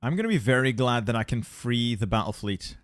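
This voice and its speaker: A young adult man streaming a strategy game, thinking aloud in a relaxed way and repeating words as he plans his moves. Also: mid-range voice, a little fast.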